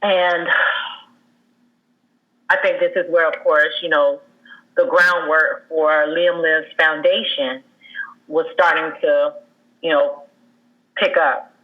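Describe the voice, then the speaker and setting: A woman in her thirties speaks as a guest, telling a deeply personal story in a candid, conversational way. She pauses often, restarts her phrases and leans on fillers. The recording sounds a little muffled and lo-fi. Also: steady tone. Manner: earnest and halting, with many fillers and restarts.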